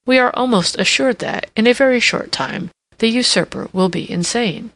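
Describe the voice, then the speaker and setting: A solemn, confident minister of police, as a woman narrator puts him on, reporting to his king in formal, earnest tones. The voice has a gravelly texture and a close, dry sound. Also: fairly high pitch, moderate pace, a bit bright, dry recording, voice pushed up. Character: grave middle-aged male police minister, confident, official.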